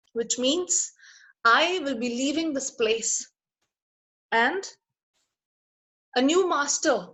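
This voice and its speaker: A woman's voice: on the high side, a bit bright, low-quality recording. A woman teacher explains a text line by line, repeating and rephrasing each point as she goes.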